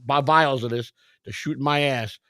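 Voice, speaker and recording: A man's voice: medium pitch, fairly even intonation, moderate pace, fairly bright tone, dry recording, studio quality. A man hosting a livestream, telling stories in casual chat in a blunt, profane, emphatic way and acting out other people's lines. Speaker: livestream host.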